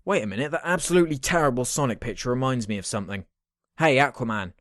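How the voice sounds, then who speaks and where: A man's voice: medium pitch, fast talker, fairly bright tone, soft background music. Sarcastic, swearing young man ranting. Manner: sarcastic, exasperated, swears freely. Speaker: comedy rant host. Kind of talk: sarcastic comedic rant.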